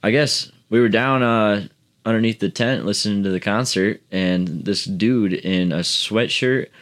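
A man's voice: on the low side, measured pace, fairly bright tone. A man in casual podcast chat, telling a rambling, profane story full of fillers. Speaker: podcast co-host.

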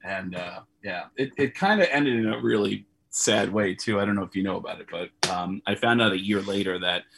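A man's voice: lowish voice, a little fast, creaky, noisy background. A man, a comedian guest on a video call, telling rambling anecdotes and acting out the voices of people he quotes. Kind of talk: casual storytelling.

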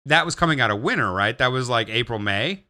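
A man's voice: mid-range voice, fairly quick. A young man on a casual podcast, telling a long rambling, swearing story. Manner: rambling, swearing, animated retelling. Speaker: podcast co-host.

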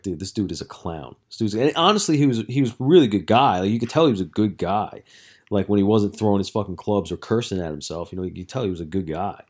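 A man's voice: medium pitch, darkish tone. A young man hosting a casual solo podcast as a coach, telling stories in a rambling, profane way with lots of filler words.

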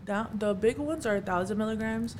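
A woman guest chatting casually about making her products, laughing often and telling animated stories. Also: medium pitch, brisk, slight background noise. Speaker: guest, cannabis product maker. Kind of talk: casual chat.

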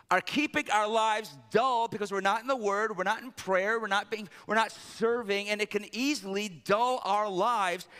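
A male pastor preaching a sermon. He swings between loud, emphatic peaks and low, intimate stretches. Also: long reverb tail.

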